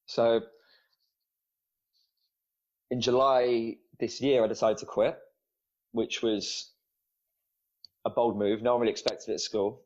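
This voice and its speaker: A man's voice: medium pitch, little pitch movement, slow, long pauses, a little mellow. A man who is a former teacher and now a student coach, a podcast guest telling his personal story in a candid, emotional way with some casual swearing. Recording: dull lo-fi sound.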